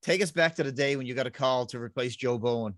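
A man hosting a podcast winds his way into a question for his guest. His voice sits at a middle pitch. The sound is dry and close. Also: fast, a bit bright, dry recording. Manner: rambling lead-in to a question. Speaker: podcast host. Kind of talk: interview question.

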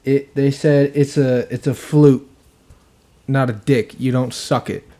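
A man co-hosting a casual podcast, an animated storyteller who swears casually. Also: medium pitch, takes it slowly. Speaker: podcast co-host.

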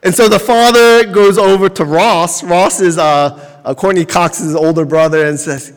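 A man's voice: high-pitched, fairly even intonation, normal speed, in a large hall. A man in his forties preaching a sermon in a conversational, storytelling way, laughing now and then as he talks to the congregation. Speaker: pastor.

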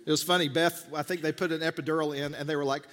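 A middle-aged man preaching a sermon as a pastor, animated and jokey, pushing his voice up for emphasis. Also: on the high side, fast. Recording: long hall reverb.

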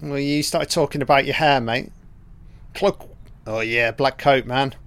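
Male film commentator, unhurried and crude, dry close sound, chatty reactions. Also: medium pitch, steady tone, fairly bright tone, clear, resonant tone, no echo. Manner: profane, chatty reactions to the screen. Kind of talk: casual film watch-along commentary.

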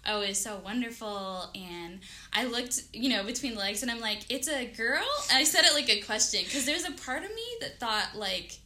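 A woman in her thirties, a podcast guest telling a story in casual conversation, animated and acting out her own thoughts. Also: fairly high pitch, brisk, hardly any pauses. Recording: faint background noise.

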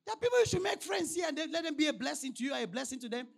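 A man preaching a sermon as pastor, prompting the congregation to finish his lines and reading scripture slowly and emphatically. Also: extremely high pitch, big pitch swings, gravelly. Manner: call-and-response, prompting the congregation with "what?".

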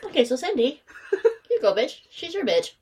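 A woman's voice: high voice, sing-song, normal speed, darkish tone. A stoned woman chatting casually on a vlog, coughing and teary-eyed with laughter. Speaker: vlogger.

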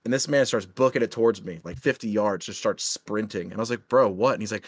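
Young male podcast co-host, lively storyteller, casual cursing, dry close sound. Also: mid-range voice, fast, dry recording. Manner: animated storyteller, swears casually.

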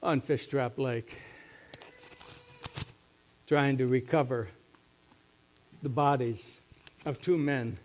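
A middle-aged man, a pastor preaching a sermon in a church, moving between quiet, low musing and loud, emphatic teaching. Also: fairly even intonation, takes it slowly, pauses often, a little hiss or hum. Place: church sanctuary.

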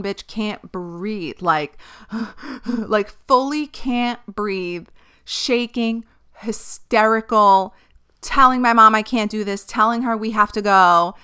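Podcast host, woman, frank and profane, crisp bright tone. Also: medium pitch. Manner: candid and profane, emphatic with lots of fillers. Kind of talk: casual podcast monologue.

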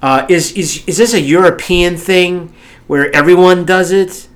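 A man's voice: high voice, a little slow, smooth. Give me a male American talk radio host, jokey and hammy, who stumbles into restarts as he banters with his guests. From United States. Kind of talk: playful talk radio hosting.

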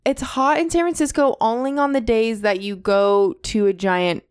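A woman's voice: fairly high pitch, steady tone, moderate pace, darkish tone, smooth, no echo, clean studio sound. A woman co-hosting a podcast in a small recording room, chatting casually and laughing often. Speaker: podcast co-host. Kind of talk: casual chat.

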